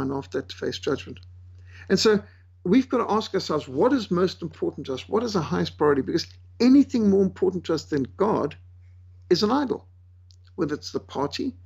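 A man preaching a sermon in a forceful, emphatic way, slowing down to stress key words. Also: on the high side, animated, gravelly, breathy edge. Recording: dull lo-fi recording.

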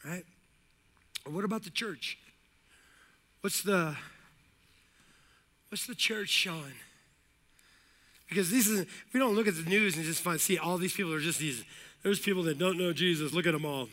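High, bright-voiced male pastor preaching. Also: moderate pace, pauses often. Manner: energetic, repetitive, jokey asides, calls of amen. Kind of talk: sermon.

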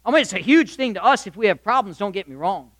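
A high-voiced man preaching with a bright, ringing tone, close and dry on the mic. He speaks straight to the congregation and throws out rhetorical questions. His delivery swings between loud, emphatic declarations and hushed asides. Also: animated, quick pace, dry recording. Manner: addresses listeners directly, asks rhetorical questions. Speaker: pastor. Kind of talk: sermon. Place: church or hall with live congregation.

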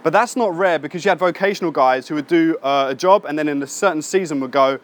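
A man preaching a casual sermon. He acts out the people in his stories in a lively way and adds slangy asides. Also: a little high, fast.

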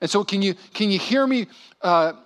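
Pastor, male, 30s, sermon delivery, high voice, lively storytelling with voiced quotes. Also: normal speed. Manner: animated, acts out voices in quotes.

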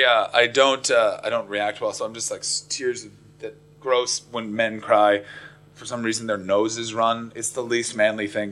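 A man doing stand-up, telling a story in an animated, profane way that swings from low muttering to frantic yelling. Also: moderate pace. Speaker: stand-up comedian.

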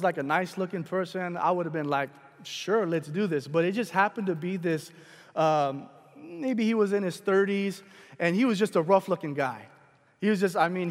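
A man preaching a sermon, telling a personal story in a casual, animated way with many fillers and restarts. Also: sits high. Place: large church hall. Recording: long hall reverb.

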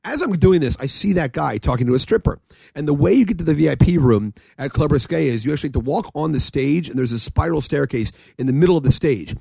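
Man, lively swooping delivery, rambling casual storyteller, dry close sound. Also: fairly high pitch, fast, gravelly, slightly rough, dry recording. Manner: rambling, animated storyteller with frequent laughs and profanity.

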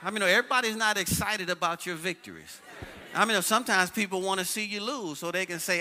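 Male pastor, high and bright voice, energetic sermon delivery with call-and-response in a church. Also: quick pace. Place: church sanctuary with congregation.

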